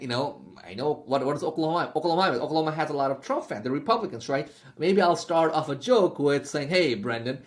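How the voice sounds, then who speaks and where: A young man giving a casual spoken sales masterclass, chatty and constantly checking in with "okay?" and "right?". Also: a little high. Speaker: sales trainer.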